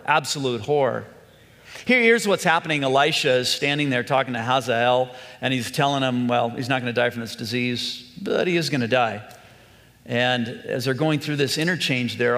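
A man's voice: a little high, a bit bright, in a large hall. A male pastor preaching an earnest, conversational sermon, full of questions put to his congregation.

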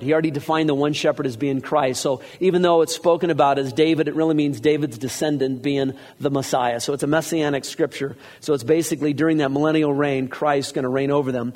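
A man preaches to his congregation in a church sanctuary, his voice a touch higher than most. He reads scripture aloud with rising emphasis, then slips into quieter, softer prayer. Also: fairly even intonation, fast talker, hardly any pauses, long reverb tail. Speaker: pastor. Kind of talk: sermon.

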